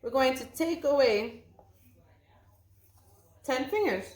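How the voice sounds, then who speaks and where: Woman teacher, patient sing-song delivery, very slow pace, echoey room with faint noise. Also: high-pitched, lively intonation, a little mellow. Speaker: preschool teacher. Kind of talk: online circle-time lesson for young children.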